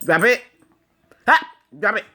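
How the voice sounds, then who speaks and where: A woman's voice: mid-range voice, lively intonation, unhurried, pushed and bright. An older woman, a grandmother, coaxing and teasing her dog in a casual home video, laughing often.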